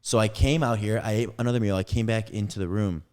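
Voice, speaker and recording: In a smooth, lowish voice at a quick pace, a young man rambles through an animated podcast anecdote, voicing each person's quotes himself.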